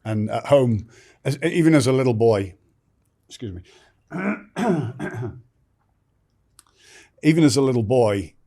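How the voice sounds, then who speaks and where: A man's voice: mid-range voice, lively intonation, slow, long pauses, warm tone, husky. A middle-aged man, a podcast guest, telling stories in conversation and acting out other people's lines. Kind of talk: storytelling in conversation.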